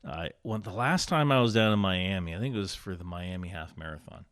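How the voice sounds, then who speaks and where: A man with a stuffy nose, a podcast guest in casual conversation, telling animated anecdotes with big swings in his voice. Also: sits low, a little fast, no echo, clean studio sound.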